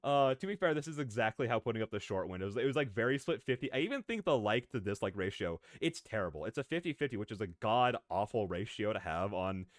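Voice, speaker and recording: A man streaming as a VTuber, chatting casually with his viewers in an excitable, rambling way, drifting off on tangents and laughing often. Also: on the low side, fast talker, few pauses, no room sound, studio quality. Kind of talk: casual live-stream chat, answering viewers.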